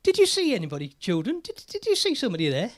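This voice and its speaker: A man putting on a sing-song, coaxing voice of a children's TV presenter, pitched high and loud. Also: wildly swooping pitch, fast, exaggerated voice. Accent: British.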